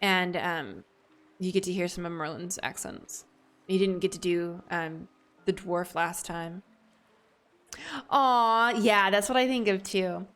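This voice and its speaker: A woman's voice: on the low side, slow, fairly bright tone. A woman from the Southern United States with a Southern American accent, chatting casually and rambling while she streams a game. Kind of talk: casual live-stream chat.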